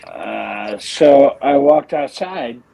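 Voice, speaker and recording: A man in a casual chat who reads out the chat's reactions and tells a story in a halting, profane way. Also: mid-range voice, expressive, vocal fry, mellow, poor audio. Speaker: co-host.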